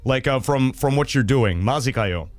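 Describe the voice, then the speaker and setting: A young adult man hosting a casual livestream, reading viewer stories and reacting in an animated, rambling way with lots of fillers and swearing. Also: mid-range voice, normal speed, dry recording, faint music behind.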